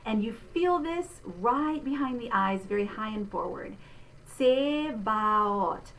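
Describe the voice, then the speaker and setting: A middle-aged woman teaches pronunciation as a vocal instructor. Her voice sits a bit high, and she explains patiently, modeling sounds slowly. A faint hiss of room ambience lies under her voice. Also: animated, low-quality recording. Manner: clear, patient teaching with spoken and sung demonstrations. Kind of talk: diction lesson.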